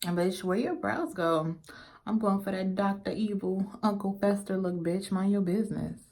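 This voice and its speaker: A woman's voice: mid-range voice, moderate pace, darkish tone. A young woman, a little tipsy, chatting casually through a makeup tutorial, rambling and swearing in playful trash talk. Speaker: beauty vlogger.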